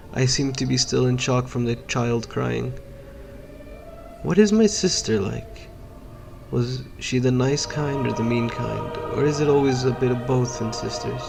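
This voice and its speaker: Man from Palestine, Arabic native speaker, narrates first-person horror in a flat, measured voice over faint music. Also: mid-range voice, vocal fry. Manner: measured, dramatic inner monologue.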